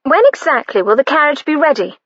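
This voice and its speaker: A woman voicing a strident, impatient, haughty woman who complains loudly. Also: sits high, lively intonation, brisk, no room sound, muffled recording, voice pushed up.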